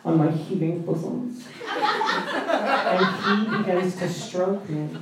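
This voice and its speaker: A man's voice: high-pitched, sing-song, slow, heavy reverb, far from the mic, very noisy, exaggerated voice. A man voicing his wife as she tells an overwrought, theatrical Salem witch fantasy. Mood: melodramatic. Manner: theatrical, overwrought storybook narration.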